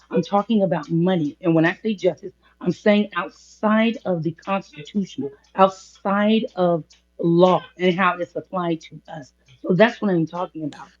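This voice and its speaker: A woman's voice: fairly low pitch, a little mellow. A woman co-hosting a podcast discussion, laying out her points one by one and stopping to clarify what she means. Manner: measured, enumerating points, insists on clarifying. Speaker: co-host. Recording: dull lo-fi sound.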